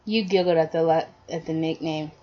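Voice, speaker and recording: A woman's voice: deep voice, fairly even intonation, moderate pace. A woman casually reading fan fiction aloud to her listeners, with slips and restarts along the way. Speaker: storyteller. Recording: dull lo-fi audio.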